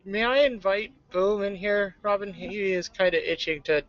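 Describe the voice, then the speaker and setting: High-voiced guy, polite and kinda hesitant, muffled. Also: normal speed, a bit bright, no room sound. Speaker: podcast panelist. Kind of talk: casual chat.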